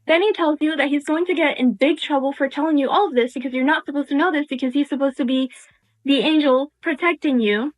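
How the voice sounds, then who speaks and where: A woman's voice: sits high, fast talker, soft background music. A young woman casually telling a story in the second person, acting out bits of dialogue. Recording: tinny phone-like sound.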